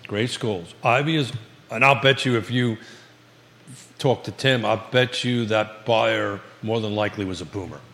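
A man's voice: lowish voice, moderate pace, vocal fry, fairly bright tone, big-room sound. A man with a Virginia accent hosting a live real estate talk show, folksy and repetitive, calling himself Batman. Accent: American Virginia. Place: local live broadcast studio.

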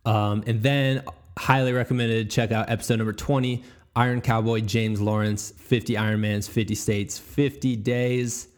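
A man's voice: on the low side, little pitch movement, normal speed. A man hosting a podcast, chatting casually, rambling and stumbling over his words and laughing easily. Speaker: podcast host.

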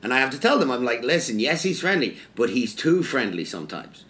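A man's voice: medium pitch, big pitch swings, a little fast, fairly bright tone. A man co-hosting a podcast, talking casually in a chatty, profane way. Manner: chatty, profane, lots of "like" fillers. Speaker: podcast co-host.

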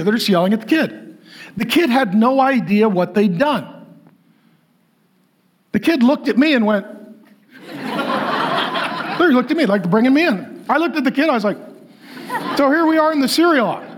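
A man's voice: very high voice, moderate pace, long pauses. A man preaching a sermon to a congregation, telling a story and acting out the people in it. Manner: animated, acts out quoted voices. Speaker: pastor.

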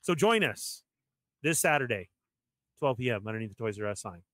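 A man's voice: mid-range voice, a little fast, no room sound, studio quality. A man hosting a live toy collector stream, welcoming viewers by name and laughing along with his co-hosts. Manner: energetic, laughs a lot. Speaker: host.

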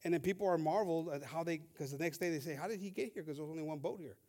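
A man preaching a bilingual sermon, reading scripture slowly and emphatically and rising with emphasis. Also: fairly high pitch, darkish tone. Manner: switches between English and Spanish, reads scripture slowly and emphatically.

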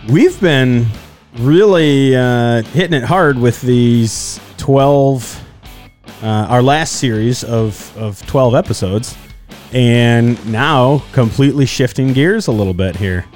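A man hosting a faith podcast in casual chat, laughing often and pausing on fillers. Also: mid-range voice, animated, darkish tone, faint music behind. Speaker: podcast host.

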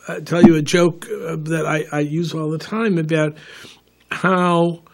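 A man's voice: a little high, steady tone, a little slow, vocal fry. An older man in casual political talk, rambling and repeating words while telling anecdotes. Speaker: political commentator.

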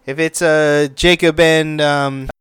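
A man's voice: on the high side, fairly even intonation, slow pace, fairly bright tone, smooth, no room sound. A young man hosting his own podcast, talking loosely with lots of fillers, restarts and the odd swear word. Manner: rambling, many fillers and restarts, casual swearing. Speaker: podcast host. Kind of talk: casual solo podcast talk.

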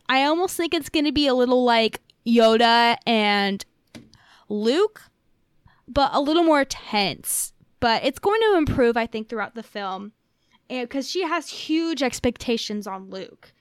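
A woman's voice: fairly high pitch, smooth, no room sound, clean studio sound. A woman co-hosting a podcast in casual chat, chatty and musing aloud with lots of fillers. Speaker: podcast co-host.

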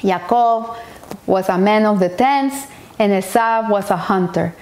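A woman's voice: medium pitch, measured pace, darkish tone. A woman teaching a Torah portion as a story, retelling it earnestly with frequent restarts and Hebrew terms mixed in.

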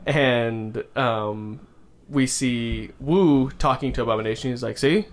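A man's voice: mid-range voice, fairly even intonation, slow pace. A man hosting a casual movie review chat, retelling scenes with lots of acted-out voices and laughter. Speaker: podcast host.

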